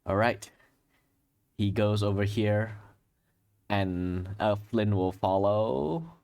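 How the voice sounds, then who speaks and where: A man running a tabletop horror game as game master, narrating and thinking aloud at an unhurried pace. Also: lowish voice, a little mellow.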